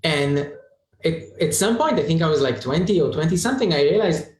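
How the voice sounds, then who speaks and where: A man from Israel, an improv performer on a panel, talking in a thoughtful, halting way with restarts. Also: on the high side, lively intonation. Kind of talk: panel discussion. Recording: echoey room.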